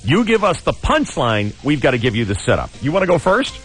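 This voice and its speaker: A man's voice: fairly high pitch, big pitch swings, brisk, fairly bright tone, faint music behind. A man hosting a radio joke contest, bantering and laughing while he tells jokes. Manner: jokey, laughs often, tells punchlines. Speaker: radio show host.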